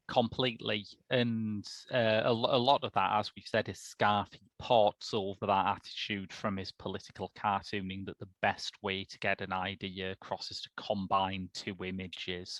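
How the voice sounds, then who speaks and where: A man co-hosting a casual podcast, discussing a film in an articulate, wry way with animated asides. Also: low voice, no echo. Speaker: podcast co-host.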